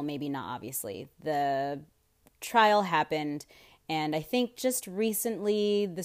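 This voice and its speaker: Young woman, solo podcast host; slightly low voice, rambling casual delivery, swears a lot, heats up into outrage. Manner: rambling, swears freely, gets fired up with outrage.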